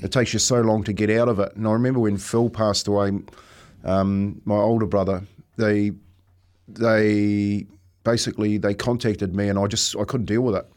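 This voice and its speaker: A man's voice: on the low side, little pitch movement, moderate pace, a little mellow. A New Zealand man in his fifties, a radio co-host, talking in a reflective, storytelling way and often saying mate. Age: 50s. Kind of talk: casual radio chat. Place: radio studio.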